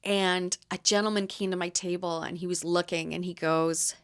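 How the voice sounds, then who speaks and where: A woman in her thirties from Canada, hosting a casual solo podcast and telling lively stories about her market stall. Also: lowish voice, normal speed, clean tone. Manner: chatty, animated storyteller acting out quotes. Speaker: podcast host and market vendor.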